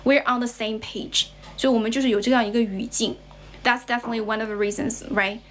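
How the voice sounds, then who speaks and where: Woman, Chinese accent, young adult, English teacher, livestream lesson, slightly high voice, repetitive explaining. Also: steady tone, quick pace. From China. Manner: switches between English and Mandarin, explaining and repeating.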